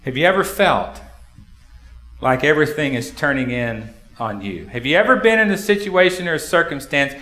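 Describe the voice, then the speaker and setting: A man's voice: a little high, big pitch swings, moderate pace, sharp tone. A male pastor preaching a sermon in a church, talking conversationally and asking the congregation rhetorical questions. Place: church sanctuary. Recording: echoey hall.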